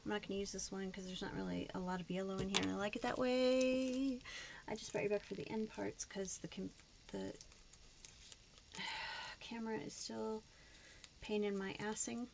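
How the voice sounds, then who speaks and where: A woman chats casually to her viewers, frank and easily exasperated. Her voice is mid-pitched with a gravelly, fry-tinged edge. Faint background noise sits under the recording. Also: level tone, normal speed, long pauses. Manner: chatty, frustrated, slips into put-on voices. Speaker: planner vlogger. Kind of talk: casual chat to camera.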